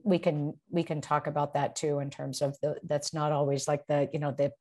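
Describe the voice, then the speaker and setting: A woman's voice: deep voice, flat delivery, moderate pace, dark tone. A woman, a professor co-hosting a podcast over a video call, reflecting on a Bible passage in a searching way with frequent restarts. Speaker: seminary professor, podcast co-host. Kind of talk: casual discussion of scripture.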